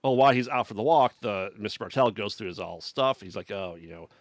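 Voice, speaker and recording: A man's voice: on the low side, fairly quick, no room sound, clean studio sound. A man co-hosting a podcast, recapping a movie in casual chat, rambling and laughing often as he paraphrases characters. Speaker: podcast co-host.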